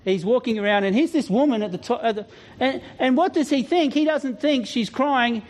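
A man's voice: very high-pitched, fairly quick, a little mellow. A man preaching as a youth pastor, telling stories in a chatty, humorous way with asides. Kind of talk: sermon.

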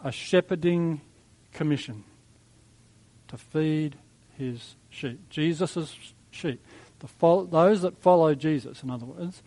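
A man preaching a sermon in a conversational, reflective way, with soft chuckles. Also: fairly high pitch, slow, low-quality recording. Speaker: pastor.

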